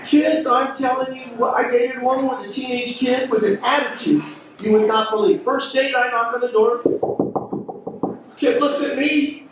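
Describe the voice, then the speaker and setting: A man doing a loud, brash stand-up comedy routine on a club stage, teasing the audience while they laugh. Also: very high voice, normal speed. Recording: echoey distant club recording with noise.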